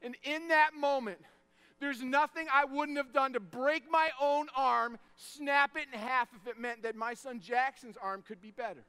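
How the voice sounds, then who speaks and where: A man in his thirties delivers an energetic sermon with an unusually high, bright and smooth voice. He tells stories with big swings, shouting the punchlines and going hushed when the moment turns tender. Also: unhurried. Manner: animated, shouts punchlines, drops to soft tones for emotional moments.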